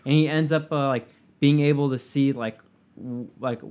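A man's voice: medium pitch, fairly even intonation, moderate pace, darkish tone. A man chatting casually as co-host, rambling through a story with lots of fillers and swearing. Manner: rambling, profane, many fillers. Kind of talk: casual chat.

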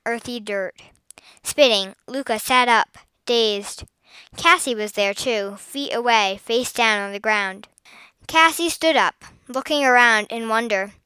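Bright, crisp woman narrating a story. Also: a little high, dry recording, low-quality recording. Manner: expressive, lively storytelling. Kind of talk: children's story reading.

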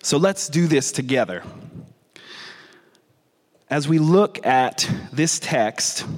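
A man with a Southern American accent preaching a conversational sermon, often restarting and repeating words. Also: medium pitch. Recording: long reverb of a large hall.

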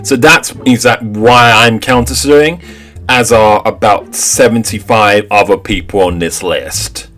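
A man voicing an indignant woman in court who lists grievances with rising pitch. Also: a little slow, fairly bright tone, soft background music.

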